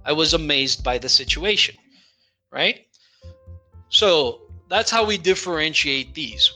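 Slow, bright-voiced male English teacher. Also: on the high side, lively intonation, faint music behind. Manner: slow, patient, repeats example words. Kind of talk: explaining pronunciation.

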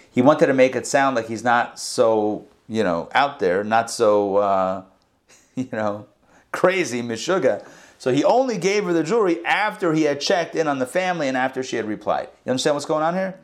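A man, a rabbi, teaching a Torah class and retelling the verses in a lively storytelling way. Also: mid-range voice, normal speed. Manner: animated storytelling, acts out the verses.

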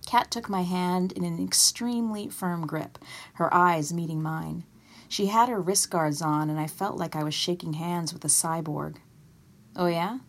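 A woman author reading aloud from her own novel in a measured storytelling way. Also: on the low side, steady tone.

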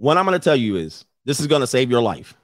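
A man's voice: medium pitch, sing-song, quick pace, no room sound, studio quality. A middle-aged man giving blunt, profane advice in a casual talk, often mimicking others in a raised voice. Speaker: podcast host giving advice.

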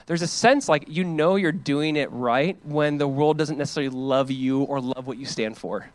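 Pastor, male, earnest preaching, slightly high voice, dry close sound. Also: normal speed, few pauses, no room sound. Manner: earnest, emphatic preaching with casual asides. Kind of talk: sermon.

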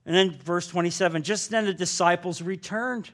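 A man preaching a sermon, fervent and emphatic, slowing down on key words. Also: high voice, a bit bright.

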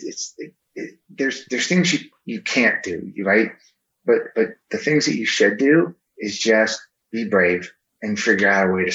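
A man's voice: lowish voice, lo-fi sound. A man on a podcast telling stories in a conversational way, acting out the people he quotes. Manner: animated, acts out quoted people in raised voice. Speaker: podcast guest, author. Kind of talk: conversational storytelling.

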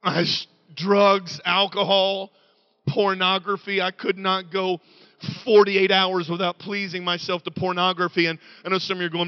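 A middle-aged man preaching a sermon in a church, moving between quiet confession and loud shouting. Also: high voice, level tone, moderate pace, clean tone, highs cut off.

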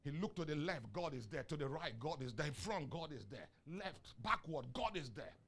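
A Nigerian man preaching a sermon, asking the congregation questions and rising into shouts on key lines. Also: fairly high pitch, lively intonation, moderate pace. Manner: asks the crowd questions and waits for answers. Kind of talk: sermon with call and response.

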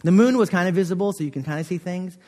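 A man's voice: high voice, rapid-fire, a little mellow. A young man giving a chapel sermon in a college chapel, talking in an earnest, conversational way with many fillers. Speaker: chapel speaker. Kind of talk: chapel sermon with personal story. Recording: long hall reverb.

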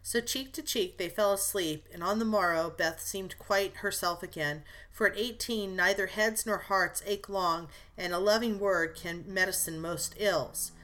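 A woman narrating a classic novel as an audiobook, in a measured storytelling manner. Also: medium pitch, pushed and bright.

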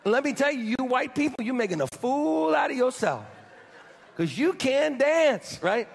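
A man's voice: very high-pitched, very animated, normal speed, creaky, slightly rough. A man preaching a sermon as pastor, repeating phrases and calling on the congregation to answer back. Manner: preachy call-and-response, repeating phrases for emphasis. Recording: church hall reverb.

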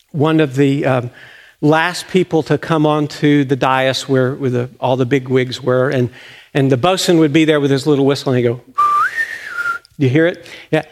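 An older man, a retiring pastor preaching a folksy, storytelling sermon in a church sanctuary. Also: a little high.

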